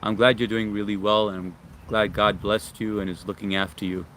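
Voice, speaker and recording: A man from Long Island, hosting a casual livestream outdoors in the sun, reading viewer comments and greeting them by name in a relaxed, friendly way. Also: lowish voice, brisk, slight background noise. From Long Island, New York. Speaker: livestream host.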